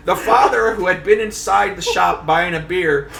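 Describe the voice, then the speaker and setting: A man, a fishing magazine editor, telling a comic fishing story in a lively, playful way at a trade show. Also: high-pitched, moderate pace, gravelly, roomy sound, a loud crowd. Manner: lively, comic yarn-spinner who acts out quotes. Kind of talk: animated storytelling.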